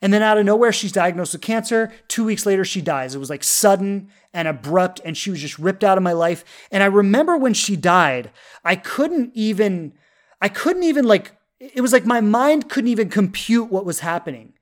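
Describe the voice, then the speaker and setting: A woman's voice: medium pitch, animated, normal speed. A woman in her thirties, a love coach, telling a personal story in an earnest, heartfelt way, full of fillers and restarts. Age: 30s.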